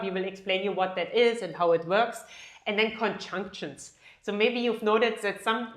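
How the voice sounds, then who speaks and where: A German-accented woman with a fairly high voice teaches a language lesson. She stresses the key words and repeats every example in two languages. The room gives her voice a noticeable echo. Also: a bit bright. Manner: emphatic, repeats each example in both languages, often asks "ja?". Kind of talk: language lesson, switching between English and German.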